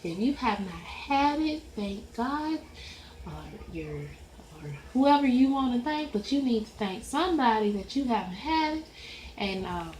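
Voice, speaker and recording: Slow, chatty Southern woman with a high voice. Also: very animated, darkish tone, reverberant, slight background noise, rough recording. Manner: rambling, chatty, slow and easygoing. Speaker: coloring video creator. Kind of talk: casual chat while coloring. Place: at home at a coloring desk.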